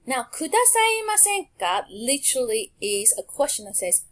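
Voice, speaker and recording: Woman, language teacher, recorded lesson, patient and clear, animated pitch. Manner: clear, patient, pauses for learners to repeat. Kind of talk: recorded online lesson over slides.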